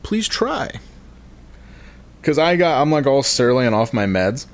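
A man's voice: medium pitch, animated, brisk, slight background noise. A man telling a rambling, self-deprecating comic story on a podcast, swearing and laughing at himself.

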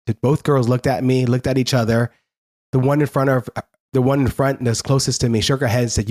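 A man telling his life story as a guest in an interview, earnest and halting, often restarting his sentences. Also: mid-range voice, darkish tone.

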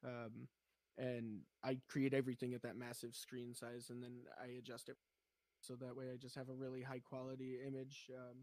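A man's voice: medium pitch, a little mellow, no echo. A man chatting casually on a podcast, rambling with many fillers while he explains how he works. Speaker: podcast host and animator.

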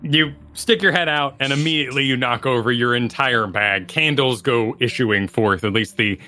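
A man's voice: medium pitch, moderate pace, sharp tone. A man narrating a tabletop game as game master, with vivid descriptive detail.

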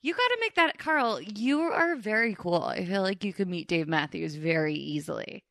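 A woman's voice: mid-range voice, animated, normal speed, gravelly, fairly bright tone, dry recording, studio quality. A woman hosting a podcast, chatting casually with a guest and laughing often. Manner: giggly, effusive, lots of laughing. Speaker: podcast host. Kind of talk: casual interview chat.

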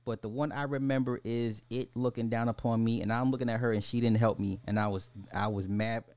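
Animated man telling stories, dry sound. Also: medium pitch, brisk, dry recording. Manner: animated, swearing, laughs through his stories. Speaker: podcast host. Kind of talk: casual storytelling over a live game.

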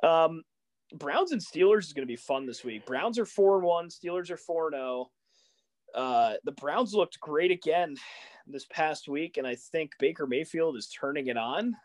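A young man co-hosting a casual sports podcast, talking in animated, exasperated rants full of rising questions. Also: on the high side, normal speed. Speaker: podcast co-host.

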